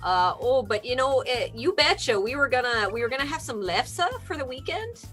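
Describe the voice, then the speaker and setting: A woman's voice: high-pitched, animated, moderate pace, a bit bright, soft background music. A woman putting on a cheerful folksy Minnesotan character with an exaggerated Minnesota accent and a broad, drawling delivery.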